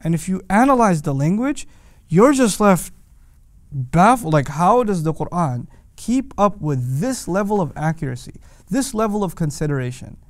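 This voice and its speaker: A man lecturing on the language of scripture, emphatic and animated, asking rhetorical questions and quoting Arabic verses. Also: high-pitched, normal speed, dry recording. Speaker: Quran teacher.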